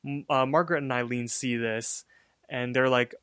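A man's voice: mid-range voice, steady tone, normal speed, fairly bright tone, clear, resonant tone, no room sound, studio quality. A man co-hosting a podcast, casually retelling a cartoon episode in a rambling way, full of fillers. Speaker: podcast co-host.

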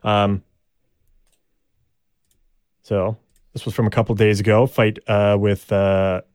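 A man's voice: on the low side, little pitch movement, slow pace, a little mellow, dry recording, studio quality. Rambling male hockey podcast host. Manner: rambling, hesitant with many ums and restarts. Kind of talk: casual sports podcast chat.

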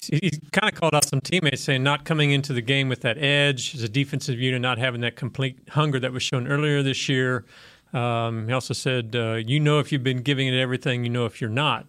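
A man's voice: medium pitch, fairly even intonation, a little fast, fairly bright tone, smooth. A man co-hosting a sports talk show, casually asking questions with hesitant fillers.

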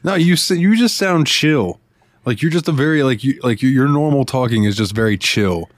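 A man's voice: medium pitch, moderate pace, no room sound. A man hosting a casual podcast, chatty and laughing often, full of "like" and "uh" fillers. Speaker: podcast host.

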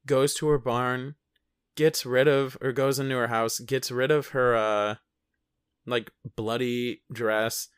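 A man's voice: mid-range voice, fairly even intonation, slow, smooth, no echo, studio quality. A man co-hosting a casual chat about a film, rambling through the plot, swearing freely and laughing often. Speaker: podcast co-host.

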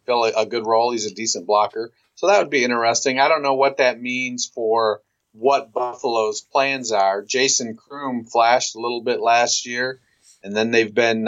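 Measured man from Ohio on a podcast. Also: mid-range voice, fairly bright tone, lo-fi sound. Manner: measured, analytical, rattling off names. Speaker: podcast co-host. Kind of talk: casual podcast analysis.

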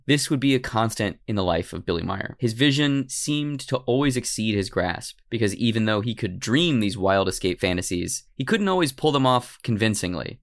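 A man's voice: fairly low pitch, fairly bright tone. A man co-hosting a podcast, chatting casually and joking about the topic. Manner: playful, slips into joking silly voices. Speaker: podcast co-host. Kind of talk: casual comedic podcast chat.

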